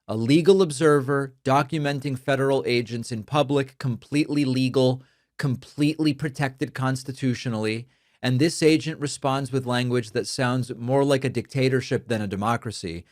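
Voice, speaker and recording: A man's voice: medium pitch, normal speed, dry recording. Emphatic male political commentator, dry sound. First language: Spanish. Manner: emphatic, argumentative.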